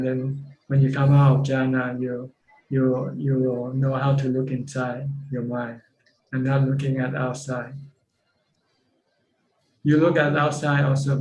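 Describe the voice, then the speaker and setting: Calm man teaching over a roomy call. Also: medium pitch. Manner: calm, explanatory, repeats phrases. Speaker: meditation teacher. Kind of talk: answering questions on a video call. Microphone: video call.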